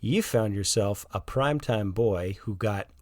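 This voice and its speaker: A man's voice: on the low side, a little slow, darkish tone, dry recording, studio quality, natural voice. A man voicing a cheerful, teasing suburban father who works in animation. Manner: playful, teasing.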